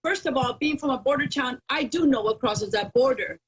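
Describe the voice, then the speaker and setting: A woman's voice: sits high, brisk, slightly rough, low-quality recording. A woman with a Mexican Spanish accent, Spanish her first language, speaking as a guest in a casual interview, emphatic and proud, repeating her key phrases. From Texas border town, first generation Mexican. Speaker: guest, political activist.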